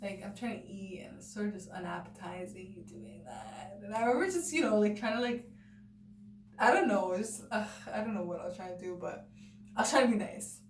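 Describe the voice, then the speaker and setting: A young woman tells a personal story in a loose, chatty vlog style, padding her sentences with "like" and "you know" and slipping into the voices of the people she quotes. Her voice sits at an ordinary pitch for a woman. The recording sounds roomy and a little distant from the mic, with a faint noise underneath. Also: fairly quick. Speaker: vlogger. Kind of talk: casual storytelling to camera.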